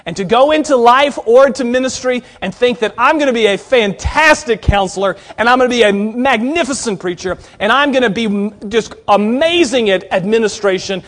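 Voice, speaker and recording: A high-pitched man preaching a sermon to college students. His talk is conversational and earnest, addressed straight to the listeners, and it swings from forceful emphasis down to quiet, near-hushed asides. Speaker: preacher at a Bible college chapel.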